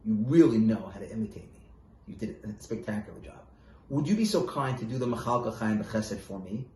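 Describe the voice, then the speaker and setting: A man voicing a kindly, jovial elderly rabbi who speaks gently and coaxingly with a smile. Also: fairly low pitch, brisk, echoey room, a little hiss or hum, lightly acted. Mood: delighted.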